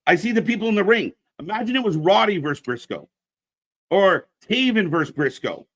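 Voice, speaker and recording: A man hosts a casual live wrestling stream in a bright, forceful voice that sits a little high. He rants bluntly and swears freely. Between rants he plugs the channel's upcoming shows. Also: lively intonation, a little fast. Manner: pitches channel shows to viewers.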